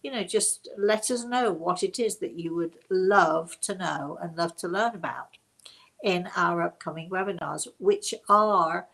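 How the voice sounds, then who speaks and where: A woman's voice: on the low side, measured pace, vocal fry, a bit bright. An older woman talks straight to her online audience in a loose, chatty way. She wanders from thought to thought, restarts her sentences and keeps breaking into laughter as she goes. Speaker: host. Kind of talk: casual chat to a webinar audience.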